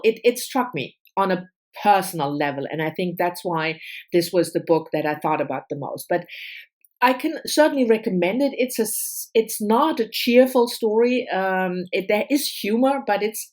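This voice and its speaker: Low-voiced woman chatting about books. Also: a little mellow. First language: not English. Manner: thoughtful, with many fillers and restarts. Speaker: book vlogger. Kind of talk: casual chat about books.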